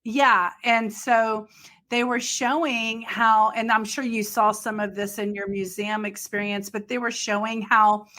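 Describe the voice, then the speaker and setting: A middle-aged woman hosts a podcast, chatting enthusiastically and exclaiming often in a casual interview. Her voice is a little high, bright and forceful, though her delivery is flat and a touch slow.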